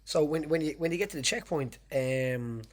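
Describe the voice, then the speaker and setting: An Irish man hosting a casual podcast, telling a long story in a rambling, animated way with the odd swear word. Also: on the high side, normal speed. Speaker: podcast host.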